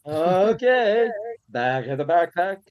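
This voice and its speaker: A man playing a tabletop game, describing his character's actions step by step with halting restarts. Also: a little high, muffled recording. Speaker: player. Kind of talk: casual tabletop play.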